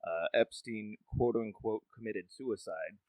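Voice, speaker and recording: A man's voice: fairly low pitch, a little slow, darkish tone, dry recording, rough recording. A man co-hosting a casual podcast over a video call, talking in a wry, easygoing way with some swearing. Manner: laid-back, wry and swearing. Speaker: podcast co-host.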